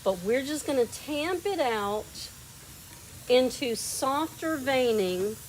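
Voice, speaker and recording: Speaking slowly in a high, animated voice, a Southern woman with a lazy drawl demonstrates painting in a workshop while chatting and coaching her helper. The audio is poor, with a little hiss or hum.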